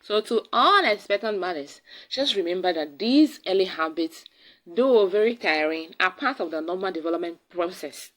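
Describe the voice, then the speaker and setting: A woman's voice: lowish voice, animated, normal speed, fairly bright tone, poor audio. A woman with a Ghanaian English accent gives casual advice to expectant mothers, repeating key words for emphasis. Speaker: parenting vlogger. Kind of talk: casual advice talk to camera.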